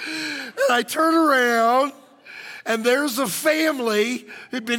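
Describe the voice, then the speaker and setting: A man pastor, telling an animated, joking story in a sermon. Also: extremely high pitch, slow pace, big-room sound. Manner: animated, jokey, acts out shouting crowds.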